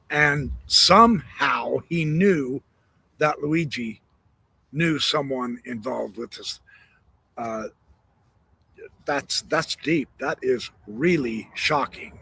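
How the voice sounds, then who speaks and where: A male host giving slow, reflective commentary on a live stream. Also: mid-range voice, lively intonation, vocal fry, pushed and bright, breathy edge. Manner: slow, reflective, drawn-out phrasing.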